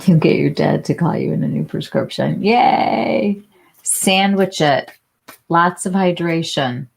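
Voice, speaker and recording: A woman in her forties hosts a casual beauty livestream, talking slowly through viewer questions. Her voice sits low with a gravelly fry, and she chats along with plenty of fillers and restarts. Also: a little mellow. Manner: chatty, many fillers and restarts, answers viewers by name. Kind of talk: casual live chat reading viewer comments.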